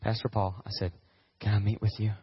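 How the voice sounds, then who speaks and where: Animated male pastor telling a story. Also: on the low side, a little fast, slightly rough, no room sound, lo-fi sound. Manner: animated, acts out quotes, whoops with excitement. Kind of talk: storytelling sermon.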